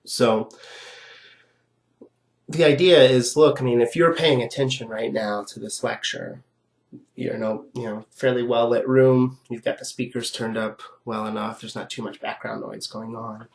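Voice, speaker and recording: A man lecturing on philosophy in a voice that is rough and gravelly from being sick. He explains ideas step by step with everyday examples, in a loose, conversational way. He keeps checking in with his listeners with a quick "right?". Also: medium pitch, fairly even intonation. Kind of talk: recorded lecture.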